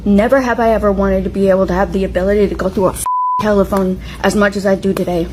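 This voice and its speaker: A woman's voice: medium pitch, steady tone, quick pace, noisy background. A woman in an angry rant to camera, furious and profane.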